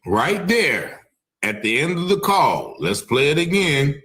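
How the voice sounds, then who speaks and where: A man's voice: a little high, big pitch swings, takes it slowly, fairly bright tone. A man hosting a true-crime commentary show, talking emphatically and hedging his claims with "allegedly". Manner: emphatic, repeats "allegedly", stops to replay clips. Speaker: commentary channel host.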